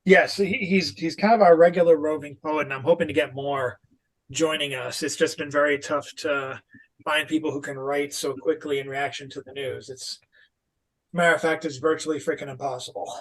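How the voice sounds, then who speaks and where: A man's voice: on the high side, steady tone, normal speed, low-quality recording. A man co-hosting a podcast in casual chat, wry and teasing.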